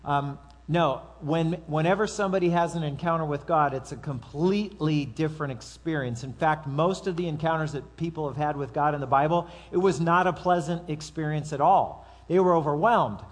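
A man's voice: on the high side, normal speed, few pauses. A man preaching a sermon to his congregation in a conversational way, with asides and acted-out quotes. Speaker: pastor.

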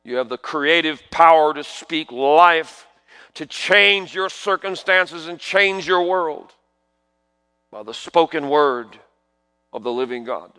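High, lively New preacher man. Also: takes it slowly, clear, resonant tone. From New York. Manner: dramatic swings between hushed asides and loud proclamations; peppers talk with rhetorical questions to the congregation. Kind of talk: sermon.

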